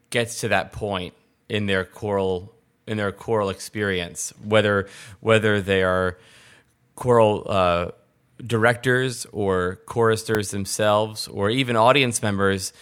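Bright, chatty male podcast host. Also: lowish voice, slow, clean tone. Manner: chatty, animated, rambling asides. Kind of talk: casual interview chat.

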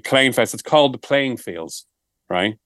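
A man's voice: mid-range voice, lively intonation, measured pace, fairly bright tone, dry recording. Dry-voiced man bantering. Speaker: podcast co-host. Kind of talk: casual comedic chat.

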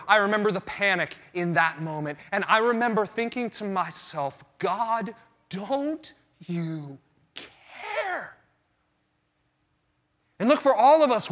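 A man in his thirties preaching a sermon, telling a story with animated storytelling and acting out his own panic. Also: very high voice. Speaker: pastor.

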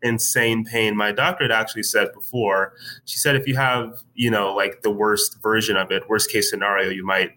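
A man talking as a guest in a casual interview, telling a story in a relaxed way with many fillers. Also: fairly low pitch, moderate pace, low-quality recording. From United States. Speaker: writer, podcast guest.

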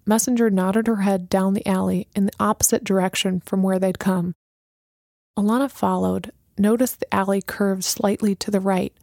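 A woman narrating an audiobook in a steady, measured reading. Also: mid-range voice, vocal fry, no room sound, clean studio sound.

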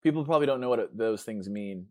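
A man's voice: on the low side, lively intonation, fast talker, mellow, dry recording. A man hosting a casual interview, easygoing and rambling, often searching for words mid-sentence. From Chicago. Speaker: podcast host.

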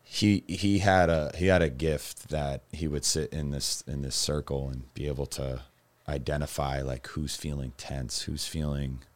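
A man with an extremely low, rumbling voice speaks as a guest about his own life. He rambles through his story with frequent fillers and self-corrections. He turns lively and animated when he recounts funny moments. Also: measured pace. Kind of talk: candid personal storytelling.

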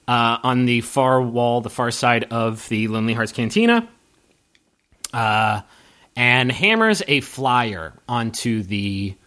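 A man narrating a tabletop game as game master, loosely and with many pauses and fillers. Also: medium pitch, fairly bright tone.

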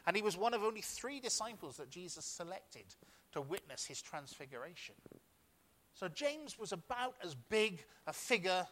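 A man preaches in a church, leading into scripture with an extended story. He restarts his phrases often as he speaks, and his voice sits a little high for a man. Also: very animated, normal speed, a bit bright, a little hiss or hum. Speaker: pastor. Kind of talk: sermon.

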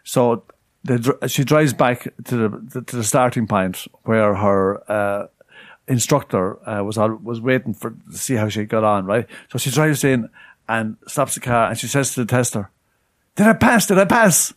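A man's voice: fairly low pitch, normal speed, dry recording. A man co-hosting a podcast, telling a rambling story and tagging on "right?" again and again. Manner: rambling, keeps asking "right?". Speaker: podcast co-host. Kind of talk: casual anecdote telling.

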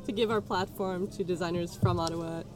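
A woman's voice: on the low side, fairly even intonation, a little fast, noisy background. A woman who organizes a design community, chatting casually in a podcast and often restarting her words.

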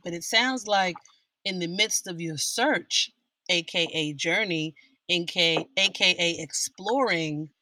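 Bright-toned host speaking from off the mic. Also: mid-range voice, dry recording, distant mic. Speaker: podcast host. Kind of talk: interview questions and recaps. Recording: dry, off the mic.

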